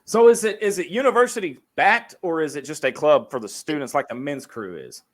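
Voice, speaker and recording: A man hosting a casual sports podcast, jokey and animated as he reads out fan feedback. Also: fairly high pitch, fairly quick. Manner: animated, jokey, hands off between topics.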